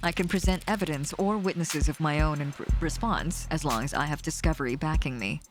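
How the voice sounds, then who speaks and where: A woman's voice: low voice, brisk, music in the background, natural voice. A woman voicing a confident female defense attorney in a story game, dry and explanatory.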